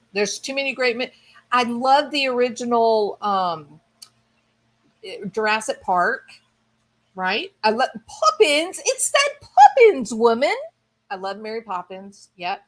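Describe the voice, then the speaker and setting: A woman's voice: on the high side, fairly bright tone. A woman streamer casually chatting with her viewers, rambling and thinking aloud with enthusiasm. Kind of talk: casual chat.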